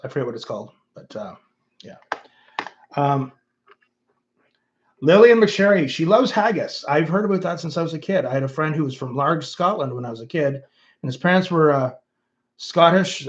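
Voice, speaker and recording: This middle-aged man with a Canadian accent runs his own channel and is reading out viewer comments on a laid-back livestream, wandering through his thoughts with lots of fillers. He sounds a little high and animated at a moderate pace, and the highs are cut off.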